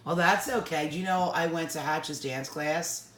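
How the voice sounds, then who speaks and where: A woman co-hosting an online sale, telling animated stories with a lot of laughter. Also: low-pitched, normal speed. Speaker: co-host selling magical items. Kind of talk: casual storytelling chat. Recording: echoey room.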